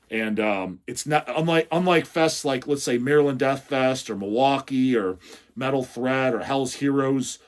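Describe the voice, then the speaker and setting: A man hosting a casual question-and-answer segment for his metal channel, cursing almost every sentence. He reads viewer messages aloud and tears into them with blunt, mocking humor, his pitch jumping up and down as he goes. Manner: swears constantly, mocking and blunt. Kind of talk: casual profane Q&A rant.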